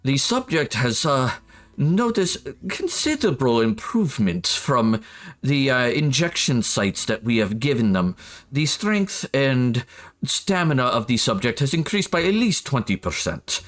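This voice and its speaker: A man's voice: mid-range voice, sing-song, unhurried. A man voicing a creepy, detached male lab scientist reading out test results. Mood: clinical. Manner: clinical, detached report.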